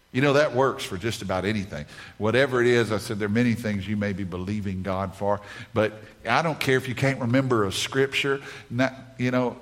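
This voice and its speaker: A man's voice: medium pitch, a bit bright. A man preaching a sermon at a conference, emphatic, repeating key phrases over and over. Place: conference stage.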